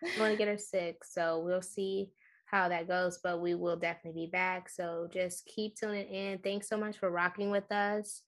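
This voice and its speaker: A woman's voice: fairly low pitch, steady tone, moderate pace. A woman co-hosting a casual podcast from home, a bit weak after being sick, talking in a laid-back way with fillers. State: recovering from illness, a bit weak. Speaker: podcast co-host. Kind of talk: casual chat. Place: at home, separate room.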